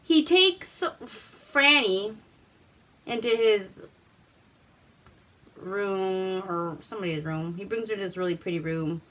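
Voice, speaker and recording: A woman's voice: mid-range voice, expressive, takes it slowly, long pauses, sharp tone. A woman hosting a casual vlog, recapping a movie in a chatty, profane way. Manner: profane, chatty, acts out quotes. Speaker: vlog host reviewing a movie.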